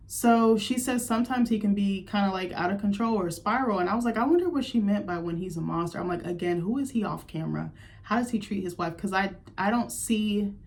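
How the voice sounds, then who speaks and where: A woman giving a candid, chatty recap of a TV episode in her vlog, sharing her opinions with plenty of fillers. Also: medium pitch. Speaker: TV recap vlogger.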